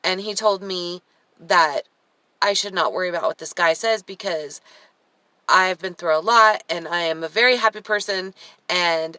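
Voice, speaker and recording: A woman talks through a casual personal vlog, low-pitched yet bright and sharp in tone. Her throat is dry and her voice cracks in and out as she rambles, restarts and gets emotional. The sound is dry and close. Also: moderate pace, no echo. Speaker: vlogger.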